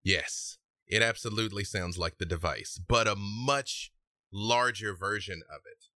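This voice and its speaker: A man narrating a tabletop game as game master, calmly describing scenes and calling for checks. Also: fairly low pitch, measured pace, dry recording, clean studio sound. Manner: calm, descriptive, with rulings.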